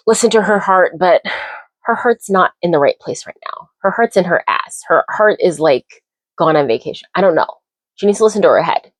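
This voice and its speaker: A young woman talks casually at bedtime in a lowish voice. She is chatty and opinionated and gets heated when she rants. The sound is close and dry, with no room around it. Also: dry recording. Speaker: vlogger.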